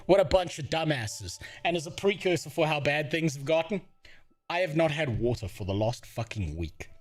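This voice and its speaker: A man from Africa, livestreaming and ranting in casual, profane, exasperated talk. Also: on the high side. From South Africa.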